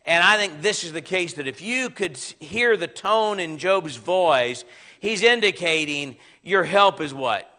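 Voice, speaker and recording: A man's voice: high voice, expressive, measured pace, sharp tone. A man with a Southern American accent teaching a Bible class in a conversational, emphatic way. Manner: conversational, emphatic, acts out sarcastic quotes. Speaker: preacher.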